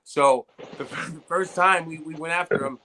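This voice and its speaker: A man hosting casual talk, his voice bright and forward. He rambles through stories with plenty of fillers and swearing. The voice sits a bit high for a man. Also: fairly even intonation, normal speed, slight background noise, rough recording. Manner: loose, profane storytelling with many fillers. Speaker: armwrestling show host and competitor. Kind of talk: casual chat.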